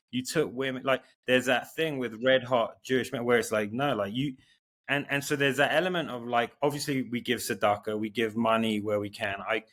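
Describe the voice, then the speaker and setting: A man's voice: medium pitch, a bit bright. A man, a guest artist talking earnestly and rambling, often repeating words. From London. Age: 40s. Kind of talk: casual interview chat.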